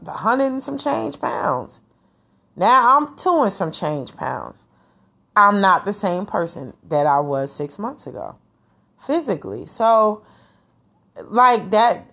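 A woman talking frankly to her viewers in a casual vlog, slangy and profane, rambling and laughing often. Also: mid-range voice. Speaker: vlogger.

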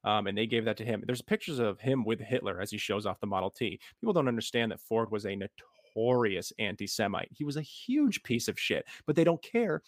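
A man's voice: lowish voice, lively intonation, a little fast, hardly any pauses, no echo, clean studio sound. An American man in a casual podcast chat, ranting about history and politics with sarcasm and frequent swearing. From United States.

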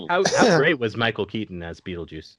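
A man hosting a casual podcast, running a party game with a relaxed, chuckling manner. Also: on the low side, fairly quick, no echo. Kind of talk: casual chat.

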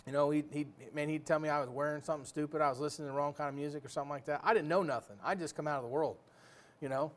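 A man's voice: fairly high pitch, fairly even intonation, racing. A man preaching a sermon in a folksy, joking way, full of rhetorical questions.

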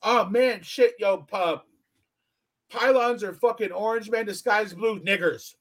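A man hosting a podcast, telling a story in casual chat, profane and animated, acting out what others said. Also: measured pace, rough recording. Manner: animated, profane, acts out quotes with big pitch swings. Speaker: podcast host.

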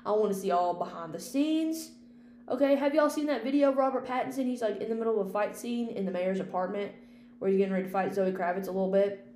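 A woman talks through her podcast in a loose, rambling, chatty way, dropping casual swear words as she goes. Her voice sits at an ordinary middle pitch for a woman. It was recorded in an echoey room with a faint hum underneath. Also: fast, dark tone. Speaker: podcast host and film critic. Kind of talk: casual unscripted podcast chat.

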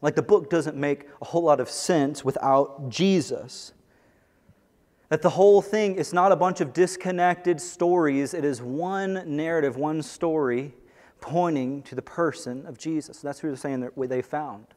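A man's voice: a little high, a little slow. Man preaching in an echoey hall. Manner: earnest, building to excited bursts. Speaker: pastor. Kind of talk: sermon. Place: church sanctuary. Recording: long echo of a large hall.

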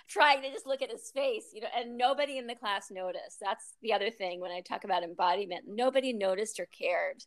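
Chatty woman with a gravelly voice. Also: mid-range voice, a little fast, few pauses. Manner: chatty storyteller, laughs often, many ums and restarts. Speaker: guest, yoga teacher. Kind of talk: casual interview conversation.

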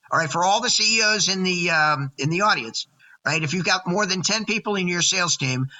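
A man's voice: a little high, pushed and bright, poor audio. A man in his sixties, a podcast guest chatting casually with energy and jokes, laying out his points by number. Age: 60s. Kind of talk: casual chat.

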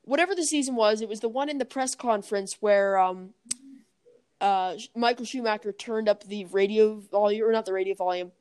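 A woman co-hosting a podcast in casual chat, chatty, often correcting herself, and quick to laugh. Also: medium pitch, darkish tone, clear, resonant tone. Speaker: podcast co-host.

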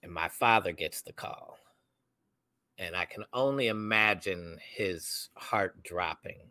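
A young adult man co-hosting a podcast, telling a personal story in casual chat and acting out the people he quotes in loud voices. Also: deep voice, takes it slowly, no room sound. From United States. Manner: animated, acts out quoted voices loudly. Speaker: podcast co-host.

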